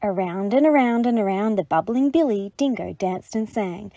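Woman, children's storybook narration, gentle, expressive, mellow, dry close sound. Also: medium pitch, moderate pace, few pauses, no room sound. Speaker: storybook reader. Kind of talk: children's read-aloud narration.

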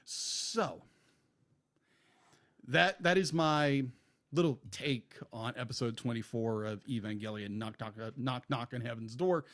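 A man's voice: medium pitch, unhurried, fairly bright tone. A man co-hosting a podcast, ranting emphatically and with exasperation about an anime character. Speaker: podcast co-host. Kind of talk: casual podcast review.

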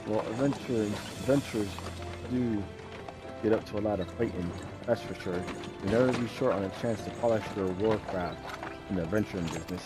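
A man's voice: on the low side, a little fast, close to an everyday voice. A man voicing a talkative old male peddler with a rustic put-on accent, reading game lines aloud and stumbling at times. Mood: folksy. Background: game music.

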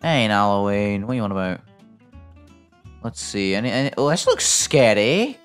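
A British man commenting on his own gameplay as a video creator, jokey and excitable, breaking into sudden loud yelps. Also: lowish voice, normal speed, clean tone, soft background music. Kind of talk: playing a game and commenting.

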